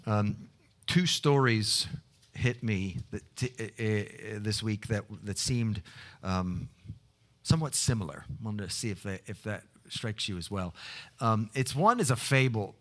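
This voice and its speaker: A man preaching a sermon, halting often with fillers and restarts as he tells stories. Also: lowish voice, animated. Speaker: pastor. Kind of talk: sermon with prayer.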